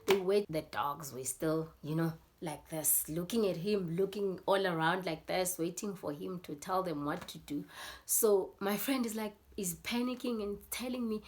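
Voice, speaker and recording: A woman's voice: fairly low pitch, unhurried. A South African woman telling a story in a casual vlog, rambling with many fillers and acting out scenes. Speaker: YouTuber.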